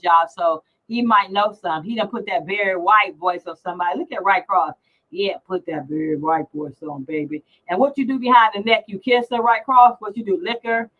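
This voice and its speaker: A woman's voice: on the high side, bright, forceful tone, dull audio. A middle-aged woman hosting a casual livestream chat, teasing and brash as she reads out comments. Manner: brash, teasing, salty language. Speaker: livestream host.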